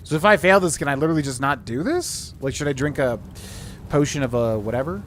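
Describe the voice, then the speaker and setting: A man's voice: fairly high pitch, expressive, quick pace, slight background noise. A man streaming a video game, chatting casually and thinking aloud with lots of fillers as he works through a puzzle. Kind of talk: casual let's-play commentary.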